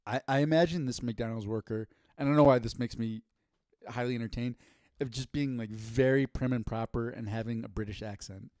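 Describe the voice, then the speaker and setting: A man co-hosting a podcast in casual chat, playful and quick to riff on jokes. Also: mid-range voice, steady tone, darkish tone, no echo. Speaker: podcast co-host.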